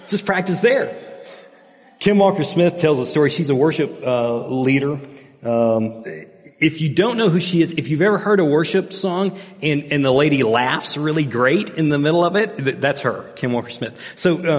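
A middle-aged pastor preaches in an easygoing, storytelling way, often pausing on small fillers and side remarks. His voice sits at an ordinary, mid-range pitch. The sound carries a long reverb, as in a large church hall. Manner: conversational storytelling with fillers and asides. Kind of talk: sermon.

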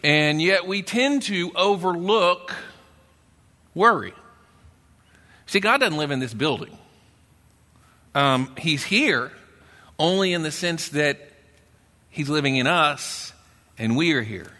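A man with a Texan accent preaching a sermon in church, talking conversationally and dropping into a low grumbling voice when he acts out a doubter. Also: expressive, slow, long pauses, pushed and bright. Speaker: pastor. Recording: long reverb in a church hall.

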